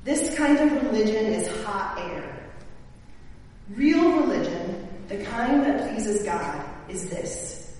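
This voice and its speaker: A woman pastor preaching a sermon, slow and emphatic, now and then rising to an exclamation. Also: medium pitch, big pitch swings, darkish tone. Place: church sanctuary. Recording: echoey church hall from far off.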